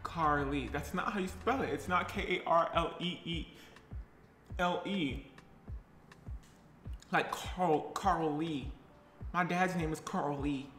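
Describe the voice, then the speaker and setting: A man doing a bright, chirpy small-town baker gal. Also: fairly high pitch, slow, pauses often. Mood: perky. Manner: chatty, giggly, reads viewer comments aloud. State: tired. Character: tired chatty young woman baker from a fall town. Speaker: live streamer. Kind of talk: character live stream comedy. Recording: roomy echo, faint music.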